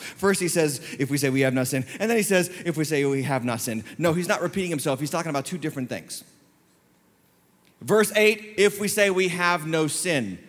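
A man's voice: high-pitched, a bit bright. A man preaching a sermon as lead pastor, leading the congregation in call-and-response and shifting his pace for emphasis. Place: church sanctuary. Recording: long church hall reverb.

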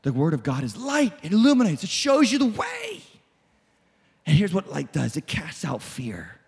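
A man preaches with a high-pitched, emphatic voice that climbs into shouts. His words ring through a church sanctuary with a long hall reverb. He keeps calling on the congregation to answer him. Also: huge pitch swings, normal speed, gravelly, slightly rough. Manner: emphatic, rising to shouts, call-and-response. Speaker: pastor. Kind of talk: sermon.

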